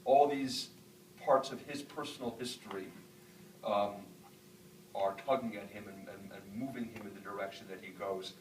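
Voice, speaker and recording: Speaking fairly low with fairly even intonation and a moderate pace, a middle-aged man from the northern United States tells students reflective stories as an author, often saying "um." The lecture, with audience Q&A, takes place in a university hall and is recorded from far away, echoey, with background noise.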